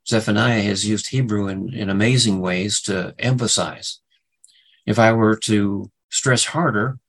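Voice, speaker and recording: A man gives a Bible study lecture in a low, husky, gravelly voice. He talks haltingly, with many fillers and restarts, then leans hard on single words to stress them. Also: low-quality recording. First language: English. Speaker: Bible teacher.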